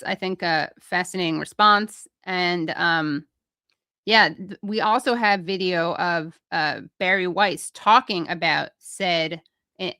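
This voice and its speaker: A woman's voice: lowish voice, creaky, sharp tone, dry recording, studio quality. A woman hosting a political talk show, reading quotes aloud and adding wry comments. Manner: reads quotes aloud, then adds her own wry comments. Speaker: host.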